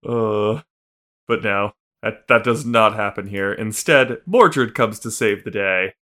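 A man's voice: lowish voice, takes it slowly, bright, forceful tone. A man co-hosting a podcast in casual chat, rambling and swearing with many restarts. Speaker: podcast co-host.

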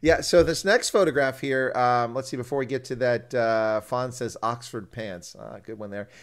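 A man's voice: medium pitch, moderate pace. A man hosting a live stream interview, chatting casually and teasing his guest. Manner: joking and teasing.

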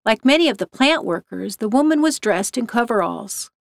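A woman narrating a story in a steady, measured reading voice. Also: fairly high pitch, vocal fry, dry recording.

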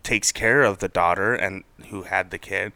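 A man's voice: moderate pace, clean tone, no echo. A young man co-hosting a podcast in casual chat, telling stories and acting out quotes with big jumps in his voice. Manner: animated storyteller, acts out quotes with big pitch jumps. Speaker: podcast co-host.

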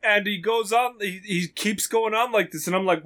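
A young man with a high, bright voice tells a story in loose, casual chat. He is animated and swears freely as he goes. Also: moderate pace. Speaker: podcast co-host telling a story.

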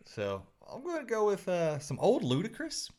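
A man's voice: high voice, huge pitch swings, moderate pace, a little mellow. A young man chatting loosely on a podcast, rambling and laughing often. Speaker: podcast co-host. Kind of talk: casual chat.

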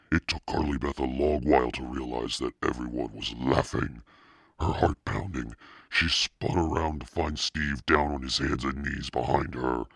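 A man reading a children's novel aloud as narrator in a steady, plain storytelling manner. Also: rumbling low, vocal fry, husky, dry recording, clean studio sound. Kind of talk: audiobook reading.

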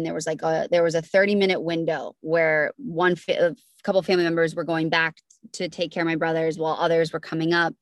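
A woman's voice: sits low, no room sound, clean studio sound. A young woman guest on a podcast, telling her story earnestly with many restarts and fillers. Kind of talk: emotional storytelling interview.

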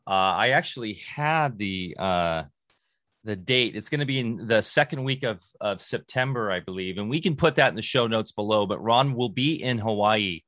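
A man's voice: fairly low pitch, expressive, normal speed, a bit bright, no echo, clean studio sound. A man hosting a podcast over a video call, talking casually with many ums and uhs. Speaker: podcast host.

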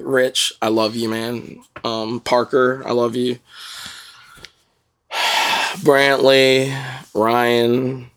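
A man hosting a podcast in casual chat, rambling and heartfelt, swearing freely as he gives shout-outs. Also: mid-range voice, smooth. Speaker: podcast host.

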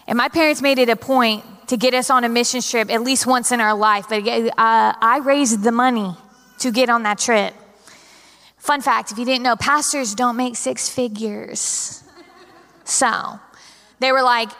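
A woman's voice: a little high, a little slow. Dramatic young woman preaching. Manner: dramatic, storytelling, animated. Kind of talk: sermon. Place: large church hall. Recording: long hall reverb.

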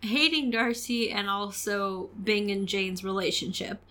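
A woman co-hosting a casual podcast, chatty and quick to laugh. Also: mid-range voice, sharp tone. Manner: giggly, chatty, laughs often. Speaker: podcast co-host.

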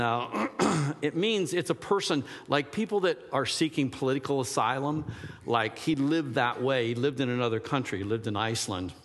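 A male pastor delivers a loose, rambling sermon, hunting for words and climbing into emphatic fervor. His voice sits at an ordinary middle pitch. It carries a long reverb tail from a church sanctuary. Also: fairly bright tone.

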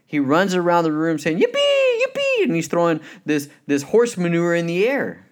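A man's voice: a little high, normal speed. A man giving a motivational Christian talk, earnest and conversational, with many "you know" fillers and anecdotes. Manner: tells anecdotes with lively acted quotes. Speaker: speaker.

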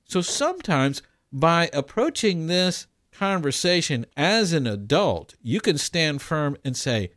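Man, co-host, casual advice chat, acts out conversations, lively swooping pitch, dry close sound. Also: slow, few pauses, no room sound. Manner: animated, acts out both sides of conversations. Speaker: co-host giving family advice.

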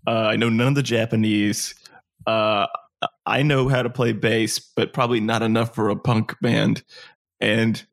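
A man's voice: fairly low pitch, flat delivery, measured pace, vocal fry. A young adult man co-hosting a podcast, playful and teasing, laughing often in casual chat. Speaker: podcast co-host.

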